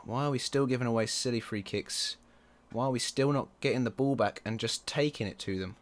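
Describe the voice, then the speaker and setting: A man commenting on his own football management game, excitable and quick to groan or yell at the match. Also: medium pitch. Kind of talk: let's play commentary.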